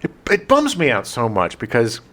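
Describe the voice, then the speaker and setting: A man in casual podcast chat, bouncing between joking asides and movie opinions. His pitch swings widely and stays lively. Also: moderate pace. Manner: animated, joking, chatty. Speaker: podcast co-host.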